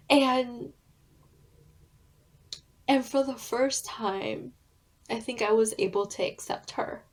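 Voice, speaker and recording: A woman author and therapist being interviewed, sharing a heartfelt personal story in an earnest, deliberate way. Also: fairly high pitch.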